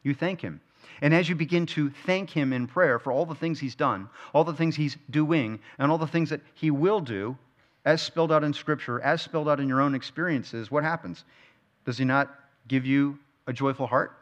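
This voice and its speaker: A man leads a verse-by-verse Bible study in an ordinary, mid-range voice. He keeps asking his listeners questions and drives points home by repeating key phrases. The recording sounds slightly dull and lo-fi. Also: medium pitch. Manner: asks the listeners frequent rhetorical questions. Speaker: Bible teacher.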